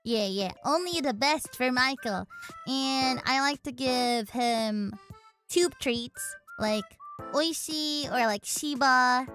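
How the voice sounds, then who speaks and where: A woman's voice: sits high, slow pace, a bit bright. Young woman, streamer, casual chat, playful, chatty, faint music behind. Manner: chatty, playful, mixes in Indonesian words.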